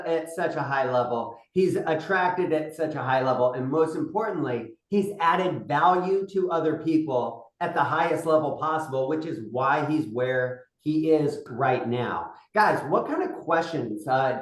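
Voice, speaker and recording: A man's voice: fairly high pitch, echoey room, rough recording. A man hosting a call, introducing a guest with enthusiastic praise and loose fillers. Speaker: host.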